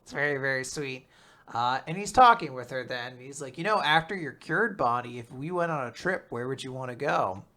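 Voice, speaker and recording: Bright-voiced man recapping manga. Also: animated, normal speed. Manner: acts out character quotes with shifting pitch, laughs often. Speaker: podcast host recapping manga. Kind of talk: casual recap chat.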